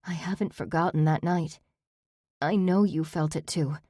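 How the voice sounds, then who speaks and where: A woman's voice: low voice, fairly even intonation, normal speed, mellow, dry recording, clean studio sound. A woman doing a coaxing young she-wolf. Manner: urgent, coaxing. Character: young female wolf shifter, pleading and persuasive.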